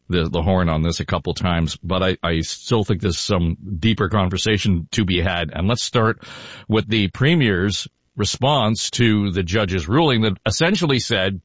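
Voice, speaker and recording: Low-voiced podcast host. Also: male voice, no room sound. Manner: chatty, laughing, relaxed. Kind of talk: casual political chat. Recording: dull, dry.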